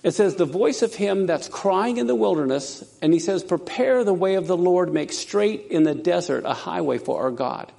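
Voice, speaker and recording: Emphatic male preacher, high gravelly voice, builds excitement while reading verses aloud. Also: normal speed, few pauses. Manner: emphatic, reads scripture aloud with rising excitement. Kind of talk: sermon.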